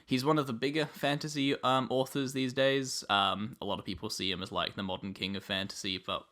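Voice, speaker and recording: A man's voice: medium pitch, level tone, fairly quick, bright, forceful tone. An Australian man hosting a podcast, explaining at length in a casual way with plenty of "um"s. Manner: explains at length with many ums. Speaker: podcast host.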